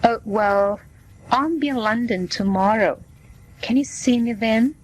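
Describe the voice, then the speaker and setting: A woman's voice: a little high, breathy edge, dry recording, low-quality recording. A woman reading as a patient booking a visit. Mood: plain. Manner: slow, plain reading voice. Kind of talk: scripted dialogue for learners.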